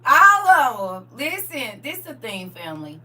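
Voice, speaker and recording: Lively, bright-voiced woman talking faith. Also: high-pitched, a little slow, far from the mic. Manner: animated, laughing often, reading comments aloud. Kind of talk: casual faith talk to viewers.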